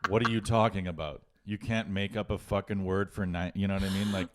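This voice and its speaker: A man's voice: low-pitched, fairly even intonation, brisk, slight background noise. A man co-hosting a casual comedy podcast, ranting profanely and mockingly, laughing often. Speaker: podcast co-host.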